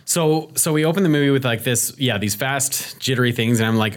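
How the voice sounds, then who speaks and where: A man's voice: medium pitch, steady tone, moderate pace, few pauses, smooth. Rambling man chatting about a movie. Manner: rambling, frequent fillers and restarts. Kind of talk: casual movie review chat.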